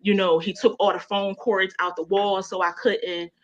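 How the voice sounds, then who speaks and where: A woman's voice: medium pitch, little pitch movement, moderate pace. A woman with a Baltimore accent telling a personal story as a guest on a radio show, emotional and conversational, full of "you know". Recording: dull lo-fi sound.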